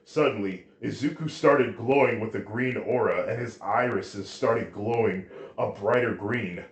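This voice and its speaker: A man reading a fan story aloud, halting now and then with restarts. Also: lowish voice. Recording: roomy echo.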